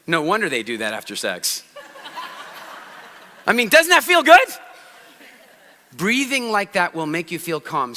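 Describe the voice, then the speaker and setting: High-pitched guy running a seminar, playful, gets the crowd to join in, big echoey hall. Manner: energetic, playful, coaxes the audience to join in. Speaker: public speaking trainer. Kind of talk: live seminar talk to an audience. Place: large hall before a live audience. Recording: roomy hall with long reverb.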